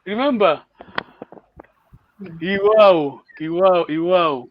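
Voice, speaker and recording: A man's voice: sits high, takes it slowly, phone-quality sound, slight background noise. A man teaching a live online language lesson, encouraging learners and repeating words for them to copy.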